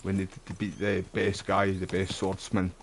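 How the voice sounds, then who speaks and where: Chatty Scottish man, low voice. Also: monotone, moderate pace, slight background noise. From Scotland. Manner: chatty, rambling, swears. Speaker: streamer. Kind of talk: live gameplay commentary.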